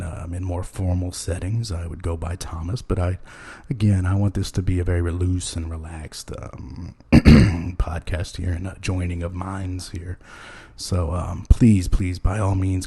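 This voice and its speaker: A man hosting a loose comedy podcast, rambling deadpan with many hesitations and chuckling at his own jokes. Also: deep voice, slightly rough. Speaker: podcast host.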